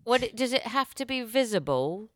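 A woman co-hosting a podcast, telling stories in an excitable, goofy, casual chat. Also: fairly high pitch, moderate pace, dry recording. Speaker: podcast co-host.

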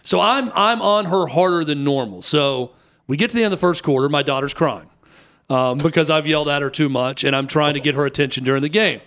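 A high-pitched man in his thirties tells a long story in a casual chat. He talks in an animated way and jumps up in pitch whenever he acts out the people in it. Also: a little fast. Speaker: youth basketball coach telling a story.

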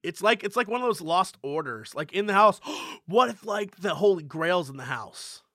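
A man hosting a comedy podcast, excitable and animated in casual chat. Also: sits high, moderate pace, no echo, studio quality. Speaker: podcast co-host.

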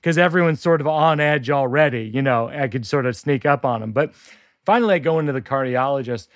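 Deadpan man telling a comic story. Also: medium pitch, a little fast, no echo, clean studio sound. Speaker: comedian workshopping a story.

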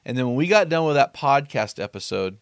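A man's voice: medium pitch, brisk, clean tone, no room sound, studio quality. A man hosting a podcast, telling stories in a casual chat and acting out the quotes. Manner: animated storyteller, acts out quotes. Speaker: podcast host.

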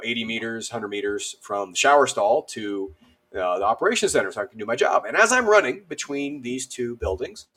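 Guy on a podcast telling an army story, lively and jokey, lots of uhs. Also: mid-range voice, slightly rough. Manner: animated, self-deprecating, many fillers. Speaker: podcast guest. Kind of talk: casual storytelling.

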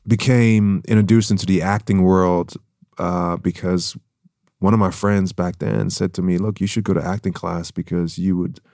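A man's voice: low voice, steady tone, moderate pace, gravelly, a little mellow, no room sound, studio quality. A middle-aged man from Germany with a light German accent, talking reflectively as an interview guest, with frequent fillers. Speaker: guest, actor and former tennis player. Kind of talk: casual interview chat.

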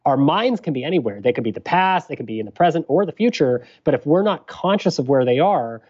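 A man who is a physician guest on a podcast interview, explaining things in a measured, careful way. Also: a little high, lively intonation, a little mellow, muffled recording.

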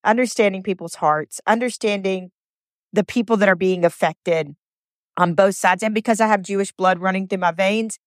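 A woman's voice: medium pitch, normal speed, no echo, studio quality. A woman hosting her podcast alone, speaking, earnest and emotional, often stumbling and repeating words. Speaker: podcast host. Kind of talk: heartfelt solo podcast monologue.

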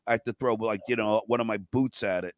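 A man's voice: lowish voice, fairly even intonation, fast talker, no room sound, studio quality. A man on a podcast telling a long, profane personal anecdote in a rambling way. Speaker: podcast guest.

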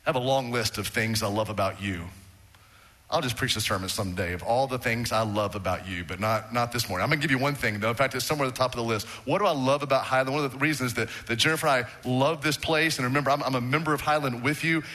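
Man, pastor, sermon, bright tone, conversational, talks to the congregation. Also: medium pitch, quick pace. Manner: conversational, engages the congregation with questions. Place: church sanctuary.

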